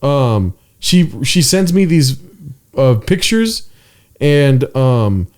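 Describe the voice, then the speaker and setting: A man's voice: medium pitch, very animated, drawn-out words, a little mellow. A man co-hosting a podcast in casual chat, crude and teasing, swearing freely.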